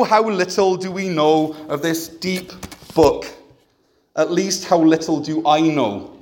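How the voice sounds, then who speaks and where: A man preaching a sermon in a church, conversational and self-deprecating, with humor. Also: high-pitched. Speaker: pastor.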